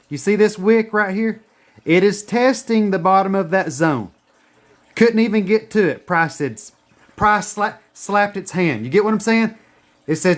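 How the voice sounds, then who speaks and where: Brief: a high-pitched man explaining chart patterns, swearing freely and repeating himself for emphasis. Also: lively intonation, unhurried. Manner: profane, emphatic, repetitive. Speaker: trading educator. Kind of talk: casual screen-share lesson.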